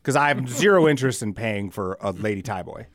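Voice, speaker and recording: An expressive, mid-range male voice moves briskly as a podcast co-host rambles through casual, profane chat, often bursting out laughing. It's a clean studio recording without echo.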